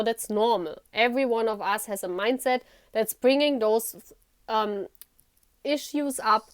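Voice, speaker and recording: A woman's voice: a little high, no echo, studio quality. A woman giving a casual tarot reading straight to the viewer, chatty and reassuring, laughing often and leaning on "you know". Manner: talks directly to the viewer, repeating "you know". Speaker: tarot reader.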